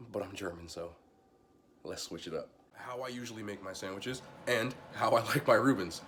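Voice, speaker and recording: A man with a stuffy, nasal voice from being sick talks quickly and casually while cooking at home. His voice sits fairly low, and faint frying and sizzling runs under his words. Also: slight background noise, rough recording. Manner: laid-back, chatty, talks while cooking. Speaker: cooking channel host. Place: home kitchen.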